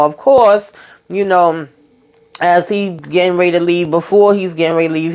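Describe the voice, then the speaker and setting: A woman's voice: low-pitched, darkish tone. A woman casually recapping a TV drama episode, retelling scenes as quoted dialogue with salty slang. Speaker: YouTube recap host.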